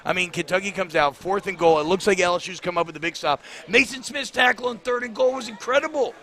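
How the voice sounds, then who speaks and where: A man's voice: high voice, fast talker, fairly bright tone. A man co-hosting a postgame sports radio show, breaking down plays with exasperation and occasional cursing. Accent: Louisiana. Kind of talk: animated postgame talk radio analysis. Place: cigar bar.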